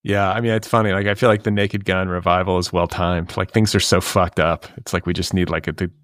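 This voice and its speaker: A man in his fifties hosting a podcast, chatting casually in a rambling, relaxed way with lots of fillers. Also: sits low, fairly quick, no room sound, clean studio sound. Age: 50s. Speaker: podcast host. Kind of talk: casual chat.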